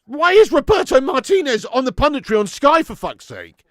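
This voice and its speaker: A man's voice: very high voice, normal speed, no room sound, clean studio sound. A man hosting a live football watch-along, swearing often and reading out viewer messages. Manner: sweary, animated, reads viewer messages aloud. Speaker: fan channel host.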